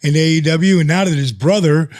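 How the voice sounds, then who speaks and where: An older man as a podcast guest, telling stories in a casual, animated way and acting out the conversations. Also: a little high, a little fast. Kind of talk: casual storytelling. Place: lives in the US.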